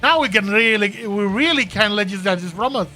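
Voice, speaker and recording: A man's voice: sits high, brisk, bright, forceful tone, faint music behind. A man voicing a blunt, impatient young woman warrior in a fan voice-over of game dialogue, speaking dryly.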